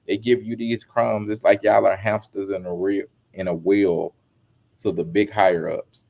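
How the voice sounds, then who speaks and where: A man giving casual commentary as a vlogger, animated and emphatic, with lots of slang. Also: fairly low pitch, normal speed, creaky.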